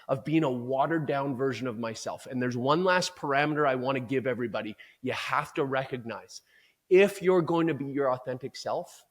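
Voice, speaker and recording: A man speaking as a performance coach in an interview, talking in an emphatic, energetic, motivational way. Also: medium pitch.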